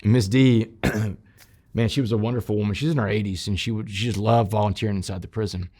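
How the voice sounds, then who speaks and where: A man telling his personal story in an interview, shifting from loud, emphatic bursts to quiet, low passages and speaking straight to his listeners. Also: fairly even intonation, fast talker. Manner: addresses listeners directly as "y'all". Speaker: interview guest recounting his past.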